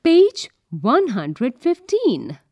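Woman, children's textbook narrator, dry close sound, unhurried. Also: high-pitched, wildly swooping pitch, darkish tone, dry recording. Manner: slow, deliberate, sing-song for children.

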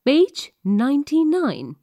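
A woman reading page numbers, vocabulary and questions from a school textbook in a clear, careful classroom manner. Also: sits high, wildly swooping pitch, takes it slowly, dark tone, dry recording. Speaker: textbook reader. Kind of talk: reading lesson prompts and questions.

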